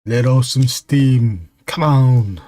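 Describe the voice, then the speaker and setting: A man putting on the voice of a gruff male action-movie commando, with clipped, mock-threatening lines. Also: mid-range voice, slow pace, mellow, lightly acted. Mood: mock menacing.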